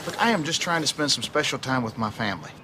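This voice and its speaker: A man's voice: medium pitch, lively intonation, quick pace, a loud crowd, close to an everyday voice. An actor playing an overworked, sarcastic husband and father who keeps cracking jokes. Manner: wisecracking, sarcastic. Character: overworked joking husband and dad. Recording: sitcom audio with loud background noise.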